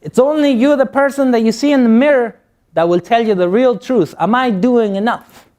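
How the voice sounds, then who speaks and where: High-voiced man with a Guatemalan accent. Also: normal speed, a little mellow. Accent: Guatemalan Spanish. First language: Spanish. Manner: joking storyteller, acts out voices. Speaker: motivational speaker. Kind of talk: motivational speech to youth.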